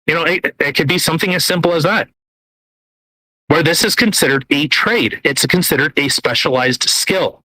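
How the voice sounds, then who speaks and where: This man's voice is a touch high with a sharp edge, delivered at normal speed over poor audio. He co-hosts a podcast and rambles about politics in a casual way, stumbling through fillers and restarts, cursing bluntly and chewing food into the podcast mic.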